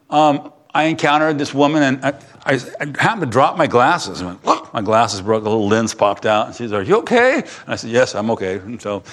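A middle-aged pastor preaches in an easy, conversational voice of ordinary pitch. He tells stories as he goes and sinks to a soft, hushed delivery when the story turns tender. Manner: conversational, drops to soft hushed tones for emotional moments. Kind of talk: sermon with personal storytelling.

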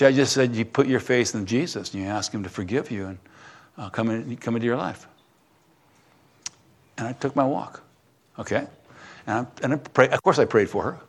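A middle-aged man, a pastor, preaching a sermon in a conversational, storytelling way, dropping to soft, hushed tones at tender moments. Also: mid-range voice.

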